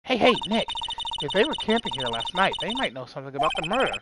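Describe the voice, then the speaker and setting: A woman's voice: lowish voice, very animated, fast, heavy background noise. A woman voicing a cheerful, playful young woman sidekick with a bubbly, teasing way of talking, reading game dialogue. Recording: loud game music underneath. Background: loud game music.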